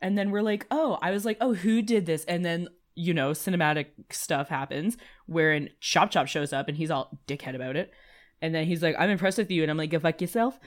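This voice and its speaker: A woman player recapping a tabletop game in casual chat, rambling and swearing freely. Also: deep voice. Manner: swearing, rambling, quick asides.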